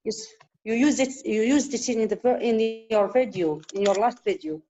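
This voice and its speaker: Mellow female student on muffled audio. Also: on the high side, moderate pace. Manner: short answers, eager interjections. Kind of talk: answering in class.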